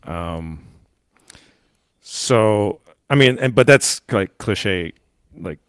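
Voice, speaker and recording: Rambling low-voiced man, casual podcast chat. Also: animated, very slow, fairly bright tone, no room sound. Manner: rambling, hesitant, many fillers and restarts, laughs often. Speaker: podcast co-host.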